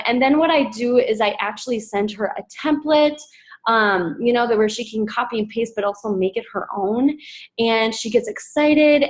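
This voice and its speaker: A woman coaching her team in a casual presentation, chatty and upbeat with many fillers, jumping into a high excited voice when she quotes people. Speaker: team coach sharing recruiting tips.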